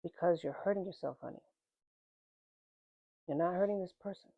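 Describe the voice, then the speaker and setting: A woman with a low voice gives a tarot reading straight to the viewer, direct and plain-spoken. Her sound is thin and tinny, like it is coming through a phone, and the room has almost no echo. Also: normal speed. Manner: direct, plain-spoken, calls the listener "man" and "honey". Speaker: tarot reader.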